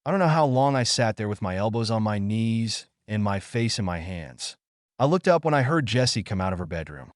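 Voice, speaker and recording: A man narrating a first-person story in an expressive, dramatic way. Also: lowish voice, fairly quick, no echo, clean studio sound.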